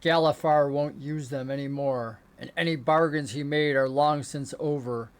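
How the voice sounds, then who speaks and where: A man's voice: a little high, fairly even intonation, normal speed, clear, resonant tone, natural voice. A man voicing a scornful old male wizard with a walking stick, scoffing and dismissive.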